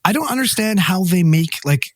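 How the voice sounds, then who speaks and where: A man's voice: sits high, animated, moderate pace, slight background noise. A man co-hosting a podcast, chatting casually and swearing freely. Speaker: podcast co-host. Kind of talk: casual chat.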